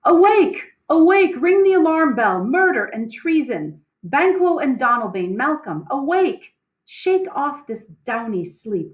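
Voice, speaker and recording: A woman's voice: medium pitch, echoey room, close to an everyday voice. A woman reading the part of a nobleman who raises the alarm, declaiming urgent verse.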